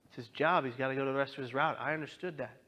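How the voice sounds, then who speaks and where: Speaking at a racing pace with a sharp tone, this man in his thirties shares a heartfelt account of what he went through, occasionally taking on the voices of others in the story. His pitch is mid-range and his intonation fairly even.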